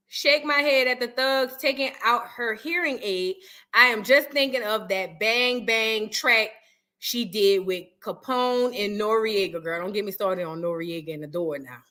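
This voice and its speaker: A high, bright woman with a New York accent, hosting a reaction show. She chats loosely, reads articles aloud and breaks off into animated asides. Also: a little slow. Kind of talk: casual reaction chat.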